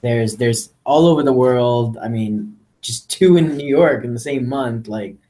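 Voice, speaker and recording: A man's voice: medium pitch, measured pace, mellow. A man co-hosting a podcast, asking hesitant questions. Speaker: podcast co-host. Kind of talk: casual chat.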